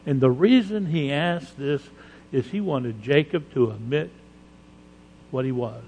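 A man's voice: medium pitch, measured pace, darkish tone, a little hiss or hum. A male pastor preaching a sermon emphatically, with rhetorical questions and dramatized quotes in a church sanctuary. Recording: long reverb of a large hall.

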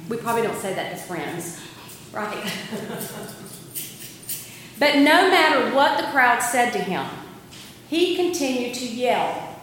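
Woman, sermon, deliberate storytelling, very slow pace, strong echo, faint room ambience. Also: a little high, very animated, a bit bright, slight background noise. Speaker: preacher. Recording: echoey hall, long reverb, faint ambience.

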